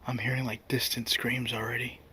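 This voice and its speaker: A man's voice: medium pitch, level tone, fairly quick, bright, forceful tone, slight background noise. A man exploring a forest at night with a camera, talking tensely and often in a whisper. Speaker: paranormal investigator.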